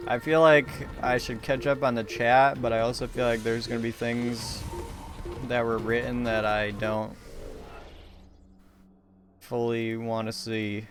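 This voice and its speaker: A man's voice: medium pitch, level tone, a little slow, long pauses, over music. A young man streaming a video game, talking in a loose, rambling, profane and self-mocking way to his chat. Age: young adult. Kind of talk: casual rambling commentary while gaming.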